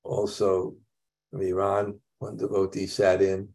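Gravelly man giving a scripture class. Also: low-pitched, completely flat delivery, a little slow, a little mellow. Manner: conversational, chuckling asides, frequent restarts. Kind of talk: casual scripture lecture.

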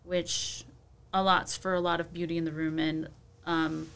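A woman's voice: on the low side, flat delivery, measured pace, gravelly, a bit bright, smooth. A woman, a venue staff member talking upbeat with many fillers as a podcast guest. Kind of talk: casual podcast interview.

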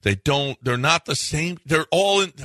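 A man's voice: expressive, a little slow, pushed and bright, no room sound. A man co-hosting a sports talk radio show, ranting in exasperation with his voice jumping up when he gets worked up. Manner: exasperated, rants with rising pitch.

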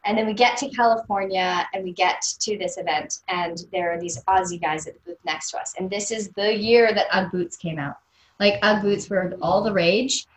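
A Canadian woman in her thirties, a guest on an interview show, telling personal stories casually with lively quoted voices and frequent laughter. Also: mid-range voice, normal speed, slight background noise. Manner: animated, laughs often, quotes people in voices. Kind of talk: casual storytelling. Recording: roomy echo.

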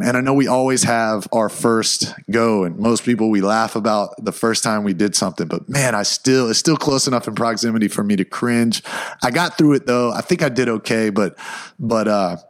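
A man who is a motivational speaker and podcast host, telling a personal story in a casual, animated way and often adding "man". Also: medium pitch.

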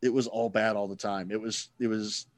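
A man's voice: on the low side, flat delivery, normal speed, dry recording. Guy ranting on a podcast, sarcastic, swears a lot, dry close mic sound. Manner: rambling, sarcastic, swears freely. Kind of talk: casual chat.

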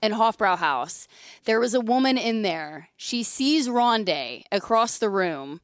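A woman's voice: medium pitch, lively intonation, unhurried, clean tone, no room sound. A woman co-hosting a casual sports panel chat, chatty and upbeat, laughing often. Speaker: sports podcast co-host.

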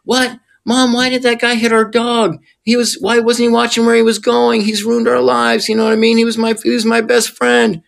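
A man's voice: very high-pitched, little pitch movement, creaky, a bit bright, voice pushed up, heavily acted. A man doing a distraught six-year-old boy. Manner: pleading, rapid indignant questions.

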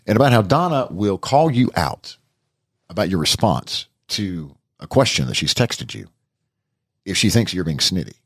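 A middle-aged man hosting a casual podcast chat, animated and jokey, his voice climbing into mock outrage. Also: sits low, normal speed, husky. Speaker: podcast host.

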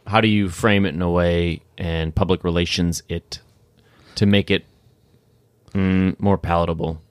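A man's voice: low-pitched, fairly even intonation, measured pace, no echo. A man co-hosting a podcast, speaking reflectively with stammered starts. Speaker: podcast co-host. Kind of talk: casual chat.

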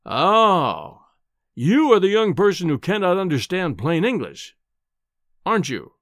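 A man's voice: a little high, big pitch swings, normal speed, dry recording, studio quality. A man voicing a bellowing, scornful professor. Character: domineering, insolent bearded male professor. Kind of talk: audiobook character reading.

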